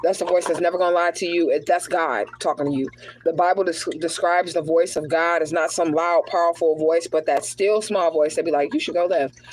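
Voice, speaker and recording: A woman's voice: lowish voice, steady tone, a little fast, slight background noise, low-quality recording. A woman giving a livestreamed tarot reading, talking casually and directly to her viewers, sometimes shifting into prayer-like invocations. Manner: casual, chatty, talks straight to viewers as y'all. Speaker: spiritual card reader.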